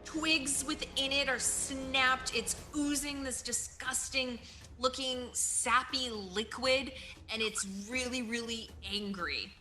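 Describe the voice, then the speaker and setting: A woman's voice: high-pitched, steady tone, slow, bright, forceful tone, faint music behind. A woman narrating as game master of a tabletop game, playful and vivid in her descriptions.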